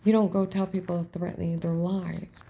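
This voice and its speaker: A woman's voice: on the low side, little pitch movement, moderate pace, gravelly, dark tone, slight background noise. A woman telling a personal story in a rambling, emphatic way, often dropping to a whisper. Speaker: storyteller recounting events.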